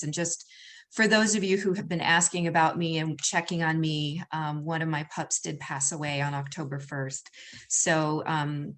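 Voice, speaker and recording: A woman hosting a casual live-stream interview, talking in a rambling way with many fillers and at times getting emotional. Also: sits low. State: emotional, near tears at times. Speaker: host, energy healer.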